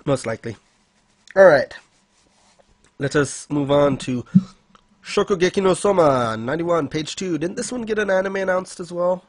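A man's voice: on the high side, normal speed, pauses often, no room sound. A man casually recapping manga chapters on a podcast, rambling with fillers and frequent laughs. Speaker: podcast co-host.

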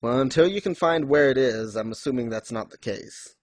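A man in casual chat, recapping story scenes and acting out characters' lines in quick little voices, laughing often. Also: mid-range voice. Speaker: podcast co-host discussing a manga.

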